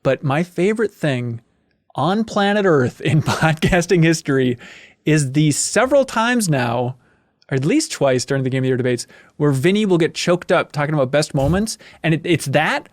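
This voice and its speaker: A man's voice: a little high, animated, moderate pace, no echo. Upbeat male interview host, dry close sound. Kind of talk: casual conversation.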